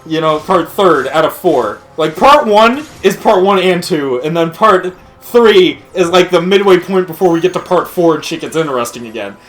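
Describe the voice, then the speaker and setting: A man's voice: on the high side, expressive, moderate pace, few pauses, a bit bright, soft background music. A man ranting in casual commentary, swearing freely and breaking into laughter. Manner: profane, laughing rant. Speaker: let's play commentator.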